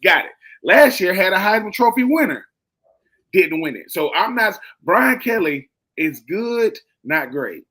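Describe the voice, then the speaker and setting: A young man co-hosting a sports talk show, emphatic and animated, repeating lines for effect. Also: sits high, measured pace, slightly rough. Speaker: co-host. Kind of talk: sports talk radio chat.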